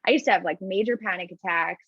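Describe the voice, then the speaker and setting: A woman therapist co-hosts a casual podcast, speaking candidly and reflectively and swearing now and then. Her voice has a gravelly fry to it. The remote recording is dry and a little dull and lo-fi. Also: mid-range voice, fast talker, no echo. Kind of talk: casual chat. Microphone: remote call recording.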